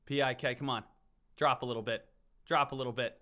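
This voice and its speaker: A man streaming live stock trades, narrating the chart with repeated chants and bursts of shouting. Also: medium pitch, fairly quick. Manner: hyped, repetitive chanting, swings from shouting to calm. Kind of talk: live trading commentary.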